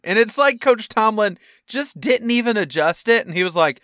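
A young man co-hosting a football podcast in casual chat, animated and acting out quotes with sudden loud outbursts. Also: high-pitched, moderate pace, few pauses, dry recording, clean studio sound. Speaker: podcast co-host.

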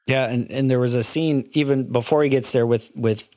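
A man's voice: medium pitch, fairly even intonation, moderate pace, dark tone, dry recording. Earnest reflective man, dry sound. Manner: earnest, reflective, many restarts. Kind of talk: casual faith-based film discussion.

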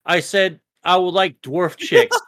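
A man co-hosting a casual podcast, rambling and swearing a lot, a little high as he talks. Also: big pitch swings, unhurried, a bit bright. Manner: rambling, profane, restarts a lot. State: a bit high. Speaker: podcast co-host. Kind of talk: casual chat.

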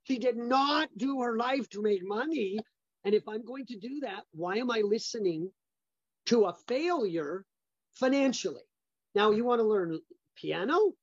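A man's voice: very high voice, expressive, unhurried, no room sound, highs cut off. A middle-aged man, a business founder, telling personal stories as an interview guest, stressing points by repeating words.

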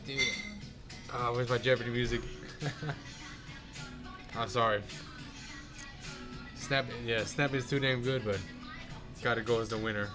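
A man talks slowly and easily, laughing a lot as he chats excitedly with a co-host. Music plays clearly behind him in a restaurant. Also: mid-range voice. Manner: slow, laughs often, fan-like enthusiasm. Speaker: podcast co-host. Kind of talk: casual chat.

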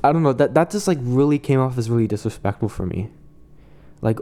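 A young man venting in a casual monologue, halting and full of restarts, sounding weary and resentful. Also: medium pitch, lively intonation, mellow.

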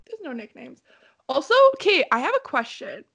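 A woman's voice: high-pitched, big pitch swings, moderate pace, gravelly, a bit bright, slightly rough. A young woman co-hosting a podcast, telling stories animatedly, laughing often and swearing. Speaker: podcast co-host. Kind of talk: casual chat.

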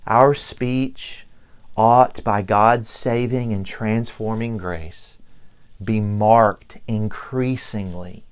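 Slow-preaching Southern man pastor. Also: on the low side, fairly even intonation, clean tone. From Southern United States. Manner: slow, deliberate preaching with emphatic pauses. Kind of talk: sermon.

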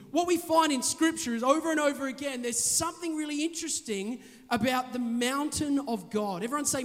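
A man preaching a sermon, telling a story with animated delivery and shouted calls. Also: very high-pitched. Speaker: pastor. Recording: long hall reverb.

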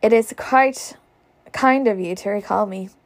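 A courtly gentleman with a mocking, overly polite manner, as a woman reading aloud puts him on. The delivery is gravelly and measured. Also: mid-range voice, lightly acted. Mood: mock-courteous. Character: smooth mocking gentleman blockade runner.

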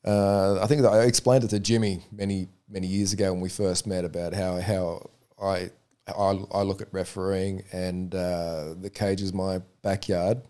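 Very deep-voiced man, frank and easygoing. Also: moderate pace, smooth. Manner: relaxed, frank, repeats words while thinking. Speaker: MMA referee, interview guest. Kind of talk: casual interview chat.

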